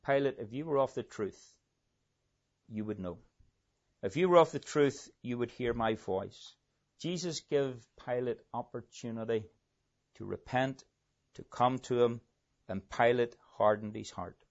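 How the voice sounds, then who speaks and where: A man preaching a sermon in an earnest way, building to emphatic peaks and then dropping to a soft, low close. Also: measured pace, long pauses, highs cut off.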